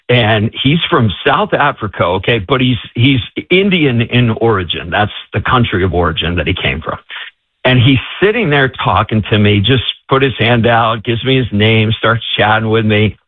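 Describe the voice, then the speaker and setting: A man, an author and guest, telling stories in an animated way and acting out the voices of people he quotes. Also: on the low side, normal speed, slightly rough, dry recording. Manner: excitable, acts out quoted voices. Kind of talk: animated storytelling. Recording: tinny phone-like line, dry.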